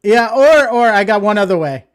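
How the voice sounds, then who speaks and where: A man's voice: high voice, expressive, normal speed, clear, resonant tone. A man co-hosting a casual chat show, making dry jokes with a lot of hesitant fillers. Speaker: co-host.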